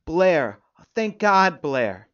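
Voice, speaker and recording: A man's voice: a little high, very animated, extremely slow, fairly bright tone, clean tone, pitched above the performer's own voice, full character voice. A man doing an anxious, gushing young man. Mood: eager, pleading. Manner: eager, pleading, gushing. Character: anxious, devoted young man at a hospital bedside. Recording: dry, dull lo-fi recording.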